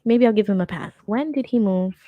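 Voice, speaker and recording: A woman's voice: mid-range voice, brisk, dry recording, highs cut off. A young woman hosting a casual reaction commentary, sarcastic and rambling, often laughing as she talks. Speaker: commentary host.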